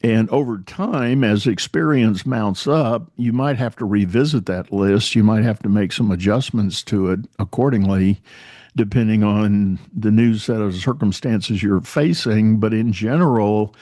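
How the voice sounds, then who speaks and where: A man's voice: fairly low pitch, measured pace, dark tone, no echo, studio quality. A man hosting a podcast interview, talking conversationally about coaching and leadership. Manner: conversational, rambling with restarts. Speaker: podcast host.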